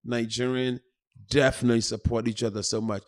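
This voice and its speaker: A middle-aged comedian from Ghana, hosting a casual podcast chat and telling animated stories. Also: male voice, mid-range voice, a little fast. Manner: animated storyteller, loud when joking.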